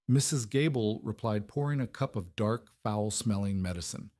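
Male storyteller, steady scripted narration, dry and low. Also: moderate pace, few pauses, no room sound.

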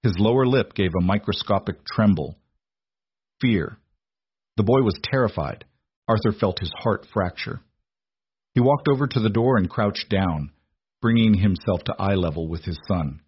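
Male audiobook narrator, husky, dull lo-fi recording. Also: lowish voice, a little slow, no echo.

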